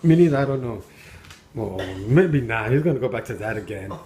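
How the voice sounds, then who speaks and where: A man's voice: medium pitch, lively intonation, fairly quick, warm tone. A man at home, filming his dog on a handheld camera and giving amused running commentary with frequent exclamations and chuckles. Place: at home indoors.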